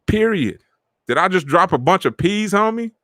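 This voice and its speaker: A middle-aged man hosting a podcast, talking in animated street slang and acting out the friends he quotes. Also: high-pitched, normal speed, no room sound, clean studio sound. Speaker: podcast host. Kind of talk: casual motivational talk.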